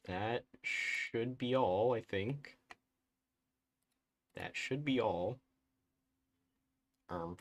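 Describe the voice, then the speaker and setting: Man, soothing soft voice, low-pitched, unhurried, thinking aloud on a live stream. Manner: thinks aloud, mumbling and correcting himself. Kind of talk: casual live-stream commentary while modding a game.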